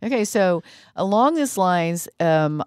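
Woman radio co-host, casual chat, lively asides, dry close mic. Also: lowish voice, slow, smooth, no echo.

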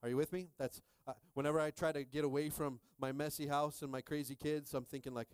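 A man in his thirties preaching a sermon as pastor, animated and jokey, calling out to the congregation for responses. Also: on the high side, fast, hardly any pauses, clear, resonant tone, no room sound.

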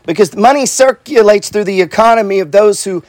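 This middle-aged real estate investor and coach sits high in pitch and talks a little fast, captured in a dry recording. His casual pep talk is blunt and full of swearing, with lots of repetition and constant "right?" and "bro."

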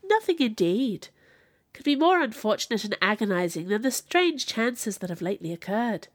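A woman voicing a stern middle-aged female magistrate who speaks in a formal, measured way. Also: a little high, sing-song, no room sound, clean studio sound. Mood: grave.

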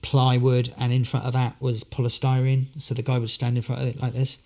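A man's voice: medium pitch, monotone, brisk, darkish tone. A man telling a long anecdote as a podcast guest, full of fillers and restarts. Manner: rambling storyteller, many fillers and restarts. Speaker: guest, street performer.

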